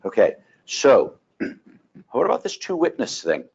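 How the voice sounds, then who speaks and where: A man teaching a continuing education class on real estate law, telling folksy stories and clearing his throat often. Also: mid-range voice, huge pitch swings, slow pace, a little mellow, dull audio.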